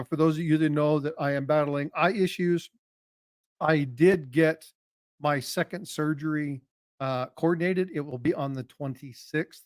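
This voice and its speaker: A man's voice: fairly high pitch, no echo, studio quality. A man hosting a casual livestream chat, greeting viewers by name in a folksy, joking way. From North Carolina. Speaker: livestream host.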